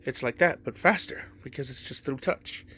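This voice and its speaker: A man's voice: medium pitch, normal speed, pushed and bright, slightly rough. Rambling casual male storyteller. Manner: rambling, lots of "like", swearing. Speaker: fan storyteller.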